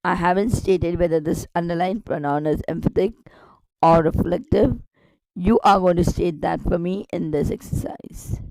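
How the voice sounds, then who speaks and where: A woman's voice: on the low side, moderate pace, creaky, warm tone, dry recording, low-quality recording. A woman teaching a grammar lesson online, explaining step by step with repetition and rhetorical questions.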